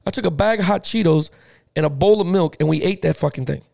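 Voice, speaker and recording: A man co-hosting a casual sports podcast, an animated, profane storyteller who keeps saying "listen to me". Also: a little high, fast talker, creaky, dry recording, studio quality. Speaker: podcast co-host.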